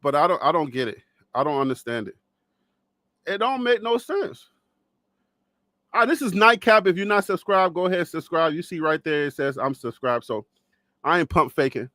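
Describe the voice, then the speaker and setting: A man's voice: fairly high pitch, animated, moderate pace, pauses often, sharp tone, no room sound. A man from Liberia hosting a live sports show, chatting playfully with viewers and laughing often. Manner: playful, laughing, teasing the chat. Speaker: host. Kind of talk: casual live-stream chat.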